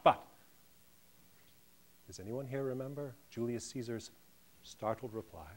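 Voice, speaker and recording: A middle-aged man delivering a deadpan comic lecture on a theatre stage before a live audience. He swings between booming declamation and hushed murmurs. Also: a little slow, long pauses. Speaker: solo stage performer playing a lecturer.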